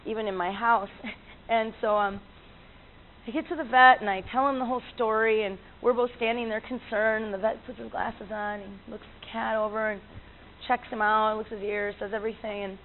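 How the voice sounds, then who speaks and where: A woman's voice: fairly high pitch, steady tone, normal speed. Chatty woman on a tinny line. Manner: chatty, laughs often, many fillers and restarts. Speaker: animal communicator. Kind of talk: casual storytelling talk. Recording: tinny lo-fi line with faint noise.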